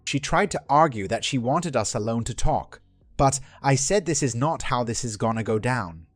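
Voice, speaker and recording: A man narrating a first-person relationship drama in a steady scripted read. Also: medium pitch, normal speed, no room sound, soft background music.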